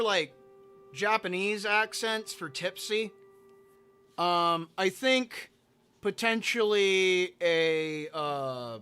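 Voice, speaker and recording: Here a man with a high-pitched, smooth voice and a sharp tone plays a building game on stream. Between placing blocks and muttering to himself, he answers chat in easygoing conversation with his viewers.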